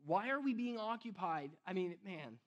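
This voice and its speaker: A man's voice: sits high, lively intonation, moderate pace, dull audio. A man preaching a casual sermon to his church, chatty and self-deprecating, often laughing at himself. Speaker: pastor.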